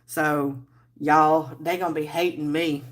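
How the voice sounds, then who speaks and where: A woman's voice: low-pitched, steady tone, slow pace. A woman hosting a casual livestream, rambling and chatting with viewers while she crafts. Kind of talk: casual live-stream chat while crafting.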